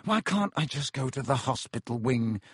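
A man's voice: high voice, very animated, unhurried, bright, forceful tone, husky, no echo, studio quality, voice pushed up, full character voice. A man reading aloud and voicing a hurt, stubborn teenage boy wizard who speaks through pain in a strained, pleading way.

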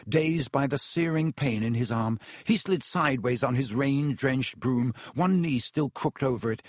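A man's voice: medium pitch, husky, no room sound. A man narrates a storybook with dramatic, varied delivery. His voice sits mid-range, and the sound is dry and close, with no room around it. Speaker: audiobook reader.

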